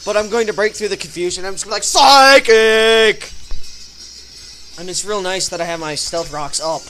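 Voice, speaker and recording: A young man talks through a game battle, breaking into yelps and curses. His voice sits high and sounds bright and sharp. Faint metal music plays behind him. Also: very fast. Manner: excitable, yelps reactions and swears. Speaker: gaming channel host. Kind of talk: battle commentary over gameplay.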